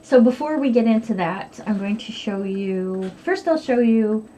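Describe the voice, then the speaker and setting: A woman's voice: fairly high pitch, animated, unhurried, dark tone, a little hiss or hum. A middle-aged woman chatting candidly to camera in her home sewing room, rambling and poking fun at herself. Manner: candid, rambling, self-deprecating. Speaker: vlogger. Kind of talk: casual chat.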